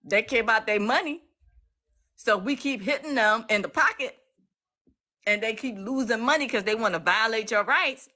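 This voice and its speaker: A woman from the US East Coast, talking casually to viewers on a phone live stream in an emphatic, repetitive, excitable way. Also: fairly high pitch, normal speed. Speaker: legal activist streaming live.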